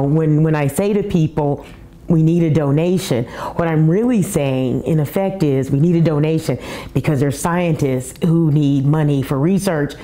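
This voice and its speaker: A middle-aged woman speaking candidly and emotionally about her own illness, with rushed asides and restarts. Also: sits low, dark tone. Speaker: breast cancer survivor telling her story. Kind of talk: personal testimony.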